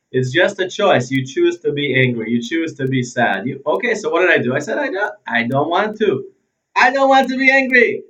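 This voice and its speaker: A man of ordinary pitch gives a motivational talk to his viewers, animated and a little scattered, sometimes losing his thread. He sounds slightly away from the mic, and the recording is a touch muffled. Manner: animated, loses his thread and restarts, swings between loud and quiet. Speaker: host of a self-help video series. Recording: slightly distant, dull sound.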